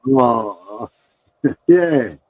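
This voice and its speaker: A man's voice: mid-range voice, lively intonation, drawn-out words, phone-quality sound. A man hosting a casual live chat, teasing his guests with jokes and frequent laughter. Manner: teasing, jokey, laughs often. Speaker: host.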